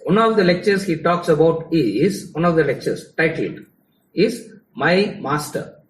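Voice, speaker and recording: A man with a Tamil-English accent teaches a class in a chatty, teasing way. His voice sits a little high. It is picked up from some way off in a room full of echo. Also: animated, measured pace, slight background noise. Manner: conversational, teasing the audience, mixing English and Tamil. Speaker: spiritual lecturer. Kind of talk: live lecture to a class. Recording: echoey hall, mic at a distance.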